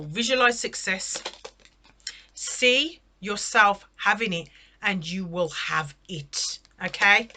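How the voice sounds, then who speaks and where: Bright-voiced chatty woman tarot reader. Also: medium pitch. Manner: chatty, exclamatory, keeps checking in with "okay?". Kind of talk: casual spoken tarot reading.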